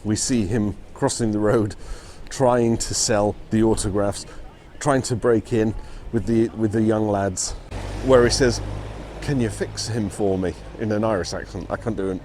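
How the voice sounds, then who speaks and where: A man's voice: lowish voice, dark tone, a little hiss or hum. A man narrating a casual walking vlog outdoors on city streets. He talks in a chatty way and chuckles often. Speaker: vlogger touring film locations.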